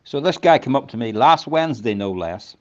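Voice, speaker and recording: A man's voice: medium pitch, animated, a little fast. A man chatting as a panel guest over a video call, telling folksy stories with homely sayings. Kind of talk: casual chat. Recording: dull lo-fi call audio.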